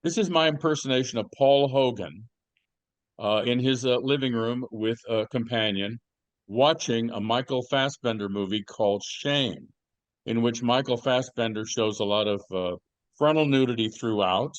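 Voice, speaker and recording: A man's voice: medium pitch, moderate pace, no room sound. A man co-hosting a podcast, chatting casually and telling rambling stories with plenty of fillers and restarts. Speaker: podcast co-host. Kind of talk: casual chat.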